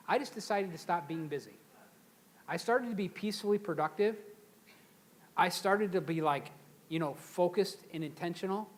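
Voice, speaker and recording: A male speaker with a notably high voice delivers a motivational seminar to a live audience. He is energetic and chatty, jumping between stories and calls for the crowd to repeat after him. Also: moderate pace.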